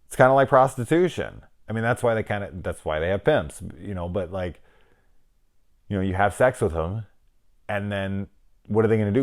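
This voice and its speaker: A man's voice: fairly low pitch, moderate pace. A middle-aged man giving a rambling, wry, casual film review, swearing now and then.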